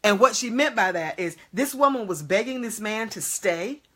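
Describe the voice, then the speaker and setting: A woman's voice: medium pitch, animated, normal speed, fairly bright tone. A woman preaching an emphatic motivational sermon, repeatedly checking in with her audience.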